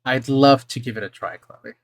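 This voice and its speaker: A woman in a casual role-play chat, calm and matter-of-fact with a gently teasing manner. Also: very deep voice, normal speed, no echo. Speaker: player and co-host.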